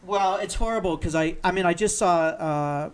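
A man's voice: high-pitched, normal speed, clear, resonant tone. A man guesting on a casual comedy podcast, rambling and profane, often laughing through his rants.

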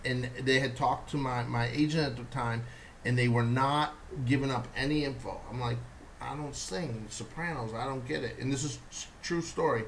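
A man hosting a relaxed conversation. He tells stories with animated energy, often breaking into laughter as he acts out the people in them. His voice sits at an ordinary pitch, with a faint hum of noise behind him. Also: normal speed, low-quality recording. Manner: animated storyteller, laughs through his own impressions. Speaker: podcast host. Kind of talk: casual chat.

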